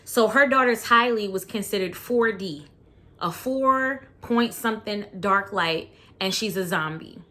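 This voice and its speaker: A woman's voice: mid-range voice, measured pace, bright, forceful tone. A woman vlogger giving blunt, slangy casual commentary in reaction to a documentary.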